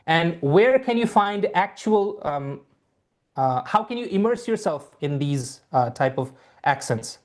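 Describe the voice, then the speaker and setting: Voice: medium pitch, a little mellow. Reassuring IELTS teacher, filler-heavy. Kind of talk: online lesson.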